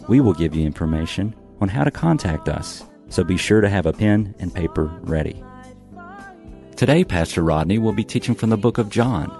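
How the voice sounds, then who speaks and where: A man's voice: deep voice, creaky. A man reading a scripted radio program introduction as the announcer. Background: soft music.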